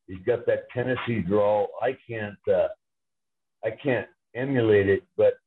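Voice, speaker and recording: A man's voice: lowish voice, a little slow, a little hiss or hum. A man calling in as a guest on a sports talk show, telling rambling, fond stories about a former player. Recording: tinny phone line.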